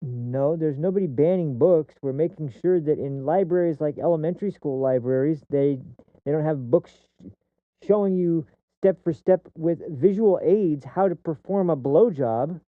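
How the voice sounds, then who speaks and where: A man hosting a political commentary stream, ranting with heat and frequent swearing, stumbling and restarting as he pushes his points. His voice sits a little high for a man. The audio is dry and thin, like it comes down a phone line. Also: moderate pace, no room sound. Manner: heated, profane ranting; repeats and restarts words mid-sentence. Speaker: streamer host.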